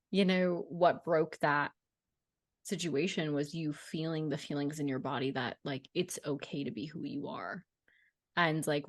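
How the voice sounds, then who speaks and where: A woman's voice: deep voice, dry recording, studio quality. A woman astrologer on a video call who talks in a frank, reflective way and swears casually. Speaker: astrologer guest. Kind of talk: casual conversation.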